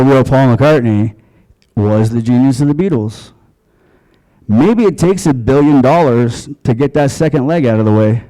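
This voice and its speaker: A man's voice: mid-range voice, dark tone, rough recording. A man from Long Island doing a stand-up comedy set in a comedy club, crude and offhand. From Long Island, USA.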